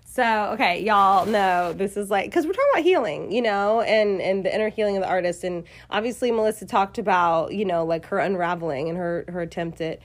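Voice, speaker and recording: A woman's voice: mid-range voice, a little fast, hardly any pauses. Effusive woman in her forties hosting. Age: 40s. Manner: effusive, rambling, many fillers. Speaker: podcast host. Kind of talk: casual faith podcast chat.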